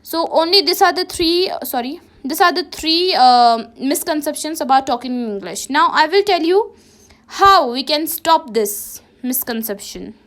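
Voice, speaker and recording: Her voice is high, a bit bright, and lively in intonation, at a measured pace. Teaching a class with a Ladakhi accent, she asks "okay?" after nearly every sentence and often restarts and self-corrects.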